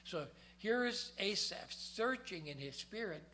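A male preacher with a high, bright, forceful voice. He delivers a sermon with dramatic swings from loud, pressing emphasis down to hushed low tones. He slows down whenever he reads scripture aloud. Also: animated.

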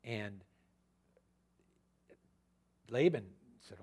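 Husky preacher, conversational and animated. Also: male voice, mid-range voice, moderate pace. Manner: conversational, animated, retells scripture with asides. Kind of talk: expository sermon.

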